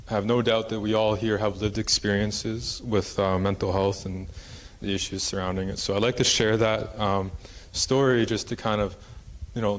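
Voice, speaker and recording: A man presenting at a conference, telling a traditional story in a casual, rambling way with many fillers. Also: lowish voice. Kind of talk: oral storytelling in a conference talk. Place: conference hall.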